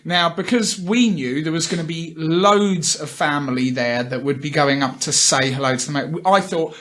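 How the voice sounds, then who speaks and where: A man from Ireland co-hosting a casual podcast, his voice pitched high for a man. He tells an anecdote with animated energy, slipping into voices for the people he quotes. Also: normal speed. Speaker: podcast co-host. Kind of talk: casual chat, storytelling.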